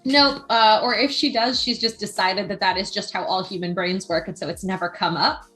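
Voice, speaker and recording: A woman speaking at a middle, ordinary pitch in a casual chat. She tells stories in an animated way and laughs often. Soft music plays faintly behind her voice. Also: moderate pace. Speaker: podcast guest.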